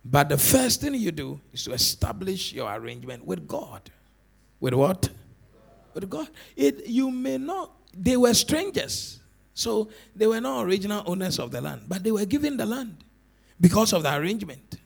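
A man preaching a sermon as pastor, animated and repetitive, swinging between shouts and low murmurs. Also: normal speed, creaky, slightly rough. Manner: repeats words for emphasis.

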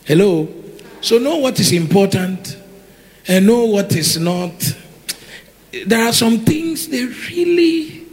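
A man preaching a sermon, lively and repeating words for emphasis as he calls out to the congregation. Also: sits high, slow, long pauses.

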